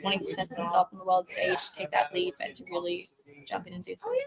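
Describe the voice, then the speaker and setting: A woman's voice: fairly low pitch, huge pitch swings, quick pace, a crowd in the background, poor audio. A woman with an Australian accent, a singer guesting on a live radio interview, bubbly and chatty.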